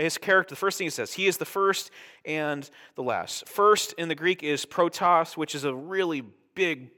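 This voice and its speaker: A man delivers a Bible teaching sermon in a casual, conversational style, often checking in with his listeners. His voice sits a little high and sounds bright. The recording carries a long reverb from a hall. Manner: conversational, tag questions like "right?". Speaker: preacher.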